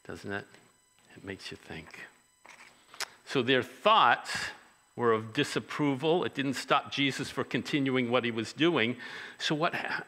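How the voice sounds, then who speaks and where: A man's voice: medium pitch, bright, forceful tone, in a large hall. A man preaching a sermon as a pastor, talking conversationally and asking the congregation questions.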